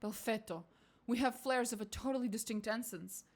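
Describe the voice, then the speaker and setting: A woman voicing a pompous, fussy female scholar of souls, speaking briskly and clinically in a self-important tone. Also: a little high.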